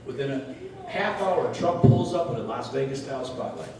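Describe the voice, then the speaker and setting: A man's voice: mid-range voice, expressive, a little fast. A man telling a chatty anecdote on a comedy stage before introducing the next act. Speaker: puppeteer and comedy show emcee. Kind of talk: stand-up storytelling. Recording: distant mic in an echoey room with noise.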